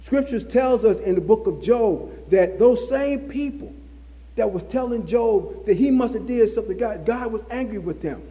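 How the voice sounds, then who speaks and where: A man's voice: high-pitched, expressive, normal speed, warm tone, lo-fi sound. A man preaching a sermon, repeating phrases for emphasis. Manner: repetitive, emphatic preaching with restarts. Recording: long hall reverb.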